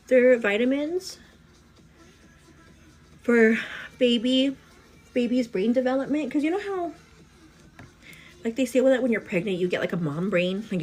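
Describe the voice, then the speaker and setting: A pregnant young woman chatting casually to her viewers while getting ready at home, animated and full of fillers. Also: on the high side. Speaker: vlogger. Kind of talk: casual get-ready-with-me chat.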